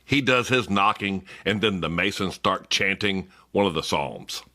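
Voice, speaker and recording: A man narrating an explainer video in a steady, informative way, with wry sarcastic asides. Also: sits low, unhurried.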